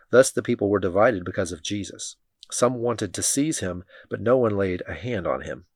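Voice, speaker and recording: Guy reading bible passages, lowish voice, measured pace, dead dry sound. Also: animated, no echo. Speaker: scripture reader.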